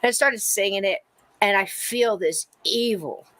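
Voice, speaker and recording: A middle-aged woman co-hosting a podcast, telling a personal story in casual chat and acting out the quoted lines in a high, excited voice. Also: a little slow, no echo. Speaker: podcast co-host.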